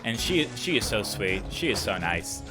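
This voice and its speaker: A young man playing a game and chatting in a rambling, animated way, full of fillers. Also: lowish voice, moderate pace. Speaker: let's player. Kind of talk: casual chat over gameplay. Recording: voice over game music. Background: game music.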